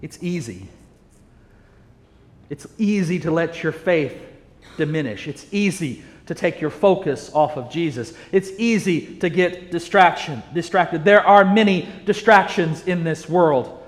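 A man with a high voice preaches a sermon, earnest and emphatic, building his points through repetition. His voice rings out with a long reverb that fills a large hall. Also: lively intonation, measured pace.

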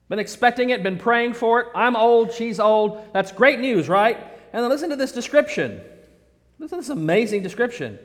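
A man's voice: high voice, lively intonation, normal speed. A male preacher giving a sermon with humorous asides, playfully acting out the characters. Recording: echoey hall.

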